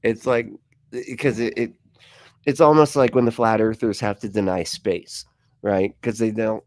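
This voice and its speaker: A man hosting a casual livestream chat. He talks animatedly, laughs often, swears, and jumps his pitch up for mocking quotes. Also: steady tone, normal speed, a little mellow, no room sound, clean studio sound. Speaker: livestream host.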